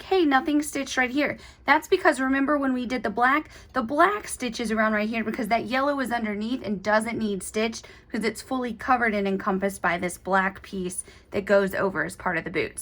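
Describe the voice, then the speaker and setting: Young woman, craft tutorial host, slightly high, gushing and chatty while she demonstrates. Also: a bit bright.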